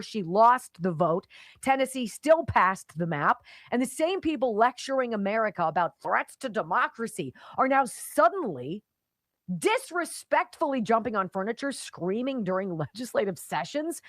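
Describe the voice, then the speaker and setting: A middle-aged woman hosts a talk radio show, her pitch leaping around as she talks. She delivers a sarcastic, scornful monologue in short punchy bursts. The sound is close and dry, with no room around it. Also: dry recording.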